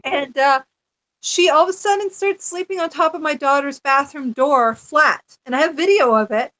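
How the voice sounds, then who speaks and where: A middle-aged woman telling a personal story as a podcast guest, animated and chatty, often laughing. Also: high-pitched, moderate pace. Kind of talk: casual storytelling chat.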